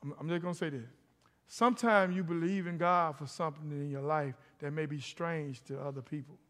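In a church sanctuary, a middle-aged man preaches as a pastor in a voice on the high side, fairly quick and fairly bright in tone. He tells stories and calls out to the congregation while a long hall reverb echoes around him.

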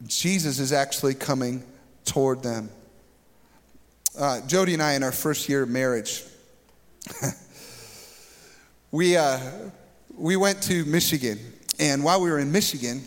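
A man preaching a sermon as a pastor, telling stories in an animated way and acting out the scenes. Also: medium pitch, measured pace, long pauses, in a large hall. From Minnesota. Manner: animated storytelling, acts out scenes.

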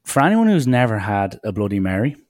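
Low-voiced young man telling stories. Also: a little fast, dry recording, clean studio sound. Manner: chatty, animated anecdotes with acted quotes. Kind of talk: casual storytelling.

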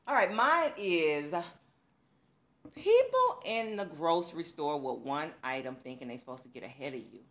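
A woman's voice: deep voice, sing-song, moderate pace, fairly bright tone. A woman co-hosting a podcast, chatting in a playful, teasing way. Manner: playful, teasing, laughs often. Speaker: podcast co-host. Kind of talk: casual chat.

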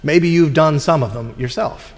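A man's voice: a little high, normal speed, big-room sound. A man preaching a sermon in a conversational way, acting out the voices of people in the story. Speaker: pastor.

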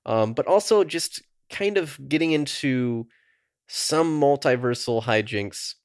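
A man's voice: medium pitch, animated, slow pace, no room sound, clean studio sound. A man co-hosting a nerdy podcast, chatting casually and swearing freely. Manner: laid-back, swears casually. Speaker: podcast co-host. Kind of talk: casual chat.

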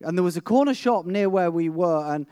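A man's voice: sits high, animated, a little fast, warm tone, clear, resonant tone, no echo. A middle-aged man preaching a sermon, telling a vivid personal story with frequent restarts.

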